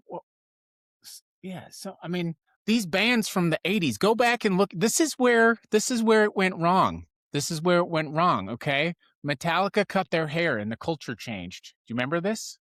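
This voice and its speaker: A slightly high-voiced man hosts a live news commentary show in a rambling, sarcastic way. He cuts himself off and jumps between asides. His voice is close on the mic and dry, with no room sound. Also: a bit bright, no echo. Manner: sarcastic, riffing, self-interrupting.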